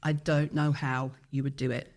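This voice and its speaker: A lively woman, chatting as a podcast host. She tells stories with animated energy and acts out the voices of the people in them. Her talk is relaxed and conversational. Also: a bass voice, moderate pace. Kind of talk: casual chat.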